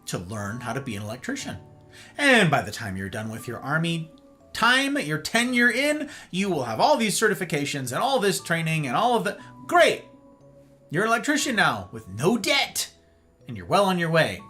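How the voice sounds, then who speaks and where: Guy hosting a stream talk, punchy and sarcastic, voice swoops all over, bright tone. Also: high-pitched. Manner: emphatic, animated and sarcastic, with playful asides. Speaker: host. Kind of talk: livestreamed talk monologue.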